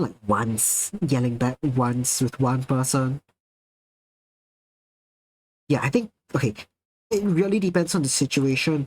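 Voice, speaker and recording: A man hosts a live stream, chatting casually with viewers and getting excitable, laughing often and swearing freely at their messages. His voice is medium-pitched, and the recording is low-quality.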